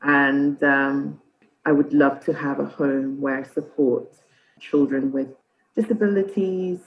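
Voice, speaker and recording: A woman's voice: extremely low pitch, slow, lo-fi sound. A woman in her thirties from Nigeria, a podcast guest chatting casually and telling stories with frequent laughter. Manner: laughs often, lively storytelling. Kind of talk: casual interview chat.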